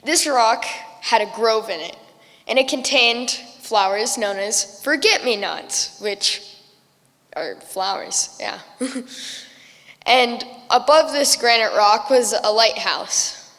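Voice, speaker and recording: A woman's voice: fairly high pitch, slow, a bit bright, big-room sound. A young female student telling a story at a festival in a casual, chatty way, with little giggles.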